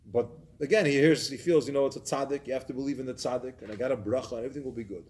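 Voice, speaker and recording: Male rabbi telling a lively story. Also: medium pitch, racing. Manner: animated storyteller acting out scenes. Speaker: community rabbi. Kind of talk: storytelling Torah class.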